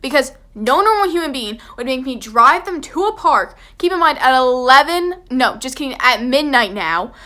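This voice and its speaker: A young woman recounts a scary night in a storytime vlog. Her voice is bright and sharp and sits a bit high, and she talks in a chatty, dramatic way that leans on "like.". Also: sing-song, normal speed, few pauses. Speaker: vlogger.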